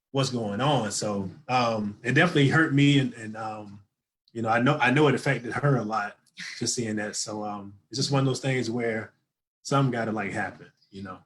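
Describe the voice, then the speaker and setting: Laid-back man. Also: lowish voice. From Florida. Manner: relaxed, conversational, repetitive phrasing. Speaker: guest.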